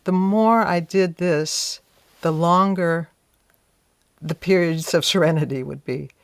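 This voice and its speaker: A woman's voice: on the low side, slow, gravelly, no echo. A woman being interviewed, telling a story in a reflective, conversational way, often saying "you know" and voicing her own past thoughts aloud. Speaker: interview guest.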